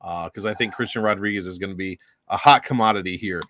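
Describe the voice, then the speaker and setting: A man's voice: low voice, quick pace, background noise. A man co-hosting a betting show in an easygoing, agreeable way, chatting casually. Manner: easygoing, agreeable, laughs along. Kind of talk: casual podcast chat.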